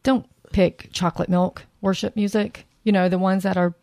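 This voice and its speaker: A woman's voice: mid-range voice, steady tone, moderate pace, mellow, no room sound. A woman co-hosting a casual faith chat, talking in an earnest, encouraging way to other women. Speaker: podcast co-host.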